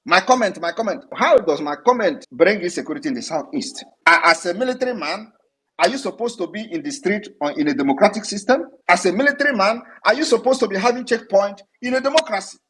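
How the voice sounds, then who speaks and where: A man's voice: high-pitched, animated, fast talker, fairly bright tone, husky. A man with a Nigerian accent gives a heated, accusatory speech to a live online audio room, firing off rhetorical questions. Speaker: political leader addressing listeners. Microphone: online audio-room stream.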